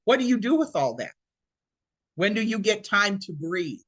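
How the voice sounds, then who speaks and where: A woman's voice: medium pitch, big pitch swings, moderate pace, no room sound. A woman around sixty giving a motivational talk over a video call as presenter, emphatic and preacherly, repeating her points.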